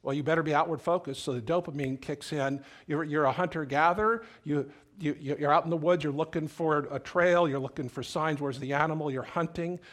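A man's voice: fairly high pitch, a little fast, hardly any pauses, fairly bright tone. A middle-aged male pastor preaching a sermon in a conversational, storytelling way, often repeating words as he goes.

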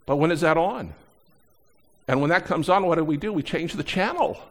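Middle-aged guy preaching, goes loud then drops quiet, lively sermon. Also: fairly high pitch, normal speed. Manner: animated, swings between loud emphasis and quiet asides. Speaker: pastor.

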